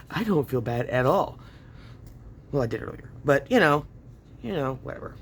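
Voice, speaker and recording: A man with a medium-pitched, somewhat bright voice speaks unhurriedly with lively intonation, and there's a little hiss or hum. He hosts a craft channel, doing a casual tutorial at home while chatting to viewers, laughing often, and talking to himself.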